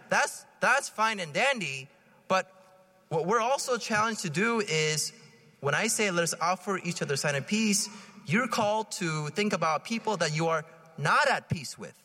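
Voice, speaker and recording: A man in his thirties, a priest giving a conversational homily at Mass, telling stories in an animated way and checking in with the congregation. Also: high-pitched, normal speed, big-room sound. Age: 30s. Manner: animated storytelling, checking in with "right?". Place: church.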